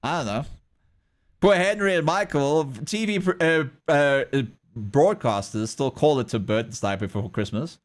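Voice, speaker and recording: A man's voice: a little high, normal speed. A man streaming live, chatting casually to his viewers in a rambling, hedging way. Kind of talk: casual livestream chat while drawing.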